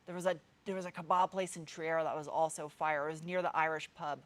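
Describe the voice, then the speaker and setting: A woman in her thirties with a New England accent, talking in a slightly low voice. She hosts a casual live stream and answers viewer comments in a loose, meandering way, circling back and restarting her sentences. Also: flat delivery, brisk. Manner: chatty, rambling, meandering with frequent restarts. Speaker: car channel host.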